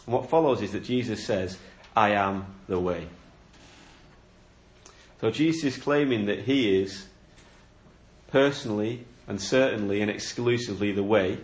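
Low-voiced man preaching in an echoey room. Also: measured pace, long pauses. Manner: earnest, explanatory, rhetorical questions. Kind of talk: sermon.

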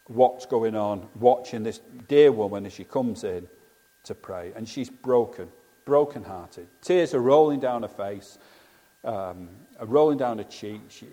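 A man preaches in an earnest, conversational manner, leaning on rhetorical questions. His voice is mellow, with an average pitch. The church hall gives it a long, trailing reverb. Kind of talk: sermon.

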